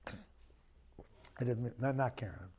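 A man's voice: mid-range voice, slow pace, very noisy. A man preaching a sermon as pastor in a church, conversational and joking with emphatic bursts.

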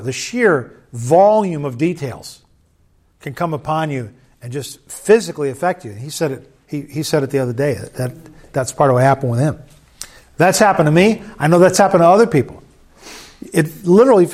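A man preaching a sermon in church, conversational and joking with the congregation. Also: fairly high pitch. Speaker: pastor.

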